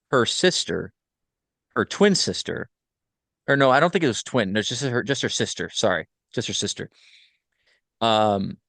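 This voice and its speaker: A man casually recapping a film plot on a podcast, rambling with many fillers and quick self-corrections. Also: lowish voice, a bit bright, dry recording. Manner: rambling, filler-heavy retelling. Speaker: podcast host.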